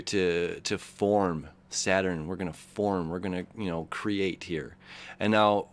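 A man giving a casual, earnest horoscope reading, reflective and emotional, often checking in with "okay?" and "you know". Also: lowish voice. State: emotional, near tears. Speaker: astrologer host.

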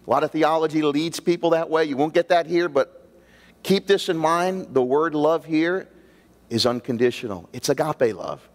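A man's voice: fairly high pitch, moderate pace. A man preaching a sermon as pastor, emphatic and full of rhetorical questions to the congregation. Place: church sanctuary. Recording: long church reverb.

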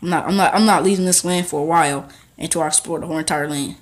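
Excitable young man narrating gameplay. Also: fairly high pitch, racing. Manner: excitable, talks back to game characters. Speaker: gaming channel host. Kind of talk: casual gameplay commentary.

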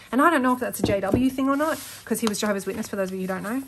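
Setting up her planner at a home desk, this woman chats very fast in a fairly high-pitched voice, rambling, frequently going off on tangents and becoming worked up when ranting. A desk-mounted camera captures her against a noisy background.

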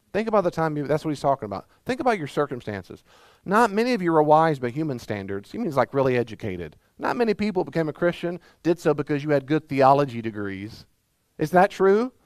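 A man's voice: fairly high pitch, a little mellow, dry recording. A man from Mississippi with a Southern accent, preaching a sermon as pastor, emphatic and full of rhetorical questions.

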